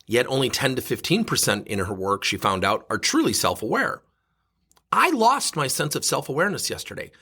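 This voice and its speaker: Male coach hosting a solo podcast, bright and husky, animated storyteller. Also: medium pitch, fairly quick. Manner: animated, self-mocking storyteller. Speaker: leadership coach and podcast host.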